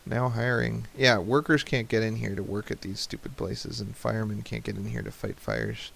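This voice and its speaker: A man's voice: fairly low pitch, lively intonation, normal speed, gravelly, fairly bright tone, husky. A man in his thirties hosting a let's play, chatting casually and joking at the game as he plays. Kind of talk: casual gameplay commentary.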